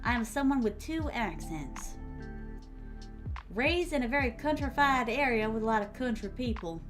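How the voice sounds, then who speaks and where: Theatrical young woman streamer, higher voice. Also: lively intonation, normal speed, over music. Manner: theatrical, refined diction, calls her viewers "my starlings". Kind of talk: casual live-stream chat while writing.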